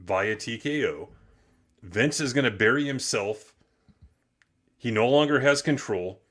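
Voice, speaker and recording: A man's voice: medium pitch, lively intonation, unhurried, a bit bright. A man hosting a loose, opinionated live-stream chat, swearing casually. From United States. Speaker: podcast host.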